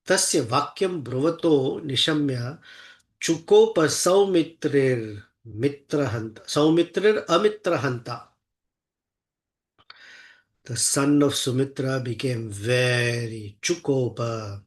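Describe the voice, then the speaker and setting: A man telling a sacred epic in a devotional discourse, chanting Sanskrit verses and then explaining them in English, earnest and emphatic. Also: mid-range voice. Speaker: scripture teacher. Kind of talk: devotional scripture storytelling.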